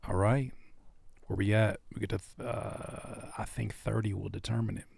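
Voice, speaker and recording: A man's voice: lowish voice, normal speed, vocal fry, husky, no echo. A man hosting a live music stream, chatting casually and playfully teasing his viewers. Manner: animated and playful, reads chat aloud and teases viewers.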